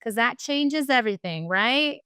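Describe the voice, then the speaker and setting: Upbeat woman teacher, bright voice. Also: fairly high pitch, expressive, measured pace, clean tone, no echo, clean studio sound. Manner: upbeat, encouraging, uses "y'all". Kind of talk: virtual class lesson.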